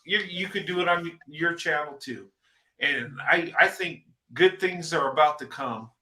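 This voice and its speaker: A man hosting a casual livestream chat, halting and repeating words while he encourages a friend. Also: a little high, sharp tone, roomy sound. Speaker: host.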